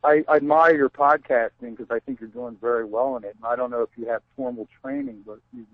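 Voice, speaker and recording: A man's voice: mid-range voice, steady tone, fast talker, no echo. A man calling in to a talk show, eager and rambling with many fillers. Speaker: caller. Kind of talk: phone-in chat. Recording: dull lo-fi phone line.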